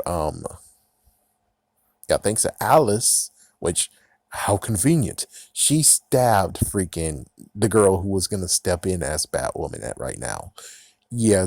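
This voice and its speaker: A man's voice: sits low, a little mellow, no room sound, studio quality. A man casually recapping and reviewing a TV episode, sarcastic and profane, often breaking into laughs.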